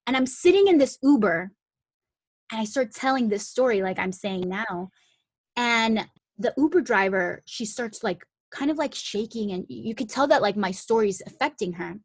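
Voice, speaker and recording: A woman's voice: on the high side, lively intonation, normal speed, no echo. A young woman telling a long story in casual talk, full of "like" fillers, acting out the voices of the people in it. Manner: chatty, full of "like" fillers, acts out the quoted voices.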